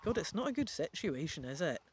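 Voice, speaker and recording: A man's voice: fairly high pitch, very animated, brisk, husky. Man musing through a gamebook. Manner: musing, thinking out loud. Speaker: gamebook reader. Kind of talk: reading a gamebook aloud with chatty asides.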